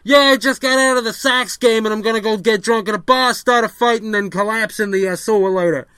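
A man voicing a brash male baseball fan calling in, deadpan about drinking plans. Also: high-pitched, brisk, smooth, no echo. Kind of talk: comedic sketch.

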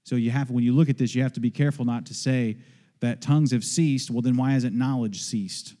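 A male pastor preaching a sermon, emphatic and full of rhetorical questions, sometimes dropping low for quick asides. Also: fairly even intonation, dark tone.

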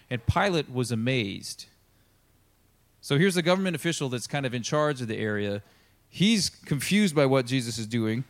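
Male pastor, casual sermon delivery, mid-pitched, playful with quoted voices. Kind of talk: conversational sermon.

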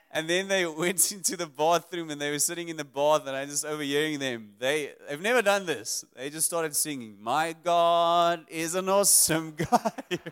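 A man's voice: a little high, a bit bright, smooth. A man preaching a sermon to a live congregation, earnest, building emphasis through repeated lists.

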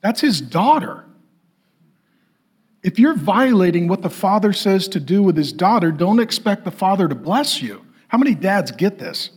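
Middle-aged male pastor, lively high preaching voice with a husky edge, jokes and acts out others. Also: normal speed. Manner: animated, jokey, acts out voices. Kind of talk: sermon.

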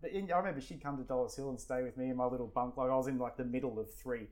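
Fast-talking Australian man telling stories. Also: mid-range voice, darkish tone. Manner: rambling, swears freely, many fillers. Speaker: guest. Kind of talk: casual storytelling.

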